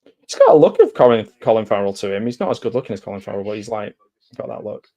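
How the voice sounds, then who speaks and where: A man giving live watch-along reaction commentary on a TV episode, chatty and jokey, with excited outbursts and laughs. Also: fairly low pitch, quick pace, gravelly. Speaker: commentary host.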